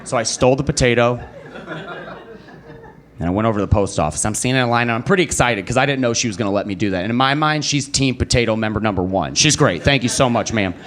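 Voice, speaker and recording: A young man performing a stand-up comedy set on a club stage, telling a story and jumping his voice up high to play other people. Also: quick pace. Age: young adult. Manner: animated storyteller who jumps high to act out other people. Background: live audience.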